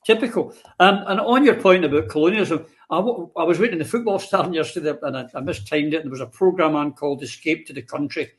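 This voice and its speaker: A man's voice: a little high, quick pace, few pauses. A man hosting a casual political discussion, chatty and rambling with sardonic asides. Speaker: host.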